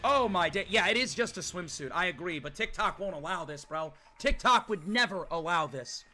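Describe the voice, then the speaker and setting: An excitable young man with a strikingly high, bright voice streams a game live, hyping up his chat and yelling in disbelief. Game music plays softly behind him. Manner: hyped, shouting at chat, rapid exclamations.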